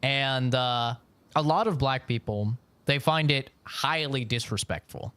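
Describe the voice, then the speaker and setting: A man's voice: mid-range voice, measured pace, a bit bright, dry recording. A man streaming live from home, telling rambling stories in casual chat and swearing often. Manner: loose, rambling storytelling with frequent swearing.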